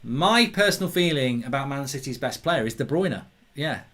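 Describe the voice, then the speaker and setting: A man's voice: mid-range voice, lively intonation, moderate pace, fairly bright tone. A man hosting a live football watchalong, rambling casually as he reads viewer comments aloud. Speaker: host. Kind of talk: live match watchalong chat.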